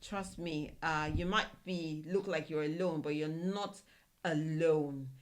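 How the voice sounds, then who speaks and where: A woman's voice: low-pitched, fairly even intonation, takes it slowly. A woman from Nigeria, co-hosting a podcast, speaks in fervent, encouraging, faith-filled casual talk. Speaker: podcast co-host. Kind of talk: casual chat.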